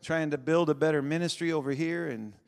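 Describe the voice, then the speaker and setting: A man preaching a revival sermon, swinging between shouting and quiet intensity and laughing often. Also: fairly high pitch, fairly even intonation, brisk, vocal fry. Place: large church sanctuary. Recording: long reverb of a big hall.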